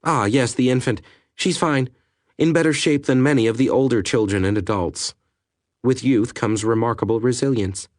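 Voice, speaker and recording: A man's voice: medium pitch, dry recording, clean studio sound, pitched above the performer's own voice, lightly acted. A male narrator voicing a blunt, cheerful ship's doctor in an audiobook. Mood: matter-of-fact. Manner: brusque then quick and apologetic.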